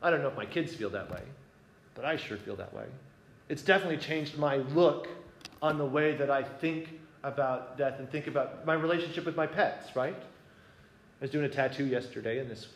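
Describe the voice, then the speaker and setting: A man's voice: medium pitch, moderate pace. A man sharing an earnest personal story with a gathering, talking conversationally and often checking whether his listeners follow. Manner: conversational, asks listeners if it makes sense. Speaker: speaker sharing a reflection. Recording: echoey room with faint ambience.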